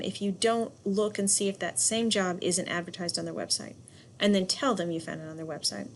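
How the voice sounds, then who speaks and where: A woman's voice: mid-range voice, fairly even intonation, a little fast, a little hiss or hum. Emphatic woman lecturing a class. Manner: direct, emphatic, with asides and light laughs. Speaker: instructor.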